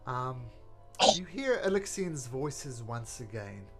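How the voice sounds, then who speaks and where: Slow, gravelly game master. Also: male voice, mid-range voice, big pitch swings, loud music behind the voice. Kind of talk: narrating a tabletop game.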